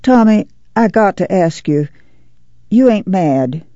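A woman voicing a worn rural farm mother who speaks slowly and earnestly in plain folksy dialect, with a gravelly edge. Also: mid-range voice, lively intonation, warm tone, no echo, dull audio.

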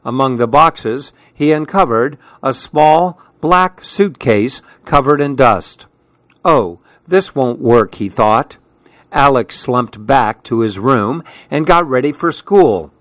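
A man hosting a radio children's story hour, reading picture books aloud in a gentle, friendly manner. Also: mid-range voice, animated, slow, no room sound.

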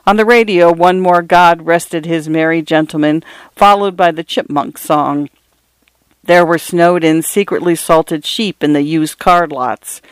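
Smooth voiced narrator reading fiction, dry close mic, measured. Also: mid-range voice, no echo. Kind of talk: scripted literary narration.

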